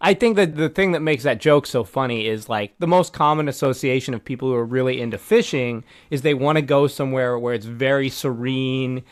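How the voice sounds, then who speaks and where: Male podcast host, casual, analytical, relaxed, mid pitch. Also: fairly quick, hardly any pauses.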